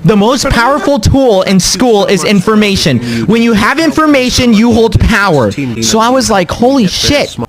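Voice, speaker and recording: A man streaming to his chat, telling a story in a dramatic, profane, animated way. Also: high-pitched, normal speed, hardly any pauses, over music. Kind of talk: casual storytelling to a live chat.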